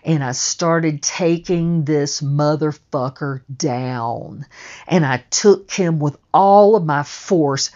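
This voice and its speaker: A woman's voice: deep voice, slow pace, warm tone, dull audio. A woman telling a first-person story in a blunt, emphatic way, with plenty of swearing.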